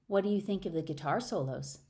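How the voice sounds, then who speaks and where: A woman's voice: fairly low pitch, a little fast, warm tone, close to an everyday voice. Flustered practical young woman, exasperated, read by a woman narrator.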